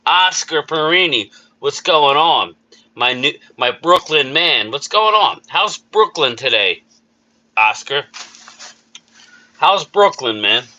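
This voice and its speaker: A man's voice: fairly high pitch, animated, slow, sharp tone, lo-fi sound. A man hosting a casual live chat, upbeat, greeting viewers by name and repeating himself. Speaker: livestream host.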